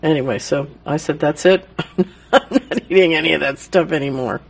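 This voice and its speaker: Relaxed man with a slightly high voice. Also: brisk, vocal fry, breathy edge. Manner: relaxed, conversational, uses fillers. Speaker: host. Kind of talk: casual interview chat.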